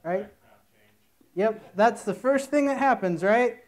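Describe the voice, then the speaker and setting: A man's voice: high voice, slow. A man giving a conference talk, telling a long, rambling joke story in a playful way before starting his presentation. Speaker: conference speaker. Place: conference room.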